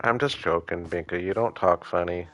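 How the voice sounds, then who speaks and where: A man casually chatting and joking with his viewers while playing a game, relaxed and full of small hesitations. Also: low voice, moderate pace, dull audio. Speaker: streamer. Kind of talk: casual live-stream chat with viewers.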